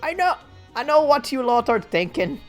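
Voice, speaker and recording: A woman's voice: low-pitched, expressive, moderate pace, faint music behind. A woman voicing a cheeky teenage girl pickpocket in a game, brash and full of street slang. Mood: defiant.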